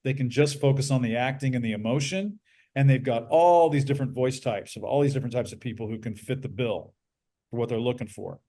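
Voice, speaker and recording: A middle-aged man talks as a podcast guest in a deep bass-baritone voice. His pitch sits in the middle for a man. He is measured and thorough, and he walks through his points with examples in an easy, casual tone. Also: warm tone. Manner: measured, explains at length with examples. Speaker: voice actor guest. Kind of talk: casual interview talk.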